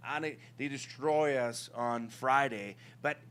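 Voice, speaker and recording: A middle-aged man with a foreign accent, co-hosting a casual morning show and telling stories with excitement. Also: mid-range voice, slow pace, clean tone. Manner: excitable, laughs often, lively storytelling. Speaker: co-host.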